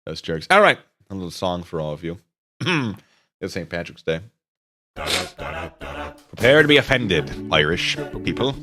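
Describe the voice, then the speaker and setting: A man's voice: sits low, big pitch swings, unhurried, long pauses. A man streaming casually, rambling and joking at his own expense. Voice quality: rambling and self-mocking. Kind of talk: casual live-stream chat. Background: instrumental music.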